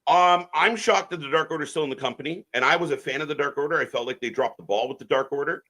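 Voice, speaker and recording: A man's voice: on the high side, fast talker, sharp tone. A man co-hosting a live wrestling watch-along stream, giving opinionated, rambling takes with frequent restarts.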